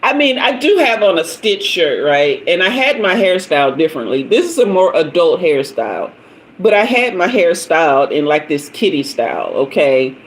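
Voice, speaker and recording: A woman's voice: lowish voice, big pitch swings, moderate pace, rough recording. Chatty middle-aged woman, laughing. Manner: chatty storyteller, laughs often, greets commenters by name. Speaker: tarot reader hosting a livestream. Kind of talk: casual live-stream chat.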